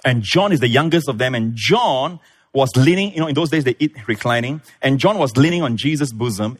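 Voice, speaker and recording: Male pastor preaching, voice climbing high then dropping low, acts out the people in the story. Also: fairly quick, breathy edge. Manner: animated storytelling, acts out voices, big pitch swings. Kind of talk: sermon.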